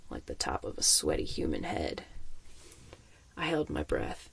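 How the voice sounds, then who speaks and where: Guy reading a first person story out loud, husky gravelly voice, really expressive. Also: extremely low pitch, unhurried. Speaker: narrator. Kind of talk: first-person audiobook narration.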